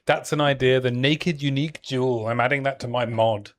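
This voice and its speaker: A man's voice: medium pitch, fairly even intonation, fairly quick. Chatty man streaming a game. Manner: joking, chatty, trailing off with fillers. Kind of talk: casual gameplay chat.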